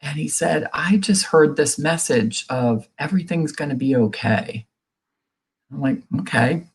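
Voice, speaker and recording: A woman's voice: deep voice, measured pace, husky. A middle-aged woman, a guest in an interview, telling a personal story in an earnest, conversational way and acting out what people said. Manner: earnest, reenacts quoted dialogue in her telling; many fillers and restarts, conversational. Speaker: guest sharing a recovery story.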